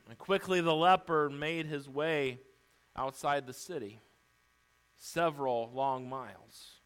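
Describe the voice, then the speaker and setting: A man's voice: sits high, steady tone, a little slow, a bit bright, clean tone. A man preaching a sermon, retelling a story vividly and theatrically.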